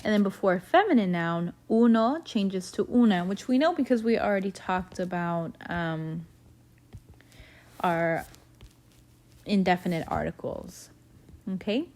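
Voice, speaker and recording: A woman's voice: medium pitch, expressive, measured pace, long pauses, darkish tone, low-quality recording. A woman teaching a recorded language lesson, explaining patiently and often checking in with "okay?". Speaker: Spanish teacher.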